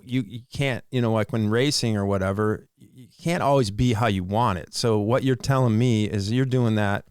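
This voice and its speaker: A man with a deep, clear voice thinks aloud as a podcast co-host, reflective and easygoing. The sound is dry and close. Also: a little mellow, no echo. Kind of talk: casual podcast chat.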